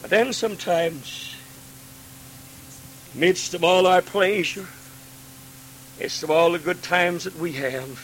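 A man preaching a Pentecostal sermon, swinging from hushed pleading to ringing cries and acting out God's pleading voice. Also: high-pitched, takes it slowly, pauses often, slight background noise, poor audio.

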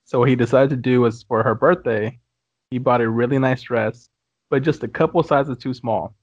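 A man hosting a podcast, reading out dirty jokes in a relaxed, chatty way and chuckling as he goes. The sound is dry and close, a little muffled and lo-fi. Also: mid-range voice, normal speed, no room sound. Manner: laughs through his own punchlines. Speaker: podcast host. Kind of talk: casual podcast chat, telling jokes.

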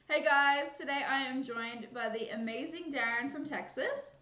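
At a measured pace, with a high, pushed and bright voice, a bubbly woman hosts a casual Christian podcast. She chats, laughs a lot, and fills pauses with fillers and restarts, and the recording sounds muffled and echoey.

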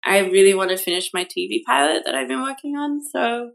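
A woman's voice: on the high side, expressive, brisk, creaky. A woman guest on a podcast, speaking in a loose, chatty way with frequent fillers. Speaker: guest artist. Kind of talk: casual interview chat.

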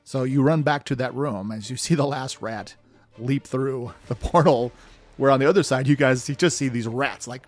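A man's voice: medium pitch, moderate pace, faint music behind. A man narrating a tabletop game as game master, in a loose, rambling way with fillers.

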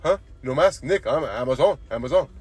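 A man's voice: medium pitch, expressive, a little fast, a little mellow, slightly rough. A man voicing a crude male coworker in his fifties who pushes every line with "huh?". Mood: teasing. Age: 50s. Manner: insistent, repeats "huh?" after everything. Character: pushy middle-aged male coworker, crude joker.

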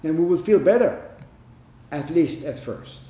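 A man gives a Zen dharma talk in a meditation hall, plain-spoken and emphatic, with rhetorical questions. His voice sits a little high and mellow. The room adds a clear echo. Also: lively intonation, a little slow. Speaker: Zen teacher.

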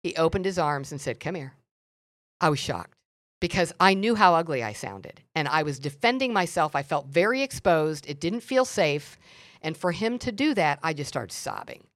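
A middle-aged woman telling a candid personal story on a podcast, expressive and animated. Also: deep voice, normal speed, dry recording, studio quality. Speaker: podcast guest.

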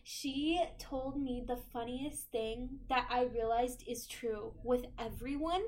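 A young American woman in casual chat, animated and full of fillers. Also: on the high side, slight background noise. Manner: animated, filler-heavy, quick to laugh.

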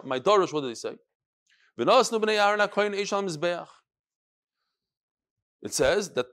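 Animated man teaching a Talmud class. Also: high voice. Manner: animated, sing-song study cadence mixing Hebrew and Yiddish terms.

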